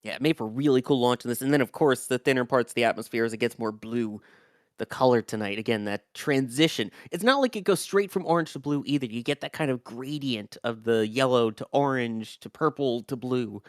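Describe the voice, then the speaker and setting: A man's voice: mid-range voice, a little fast, no room sound, studio quality. Chatty man hosting live launch commentary. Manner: chatty, reads viewer messages aloud, thanks the crew. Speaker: launch stream host.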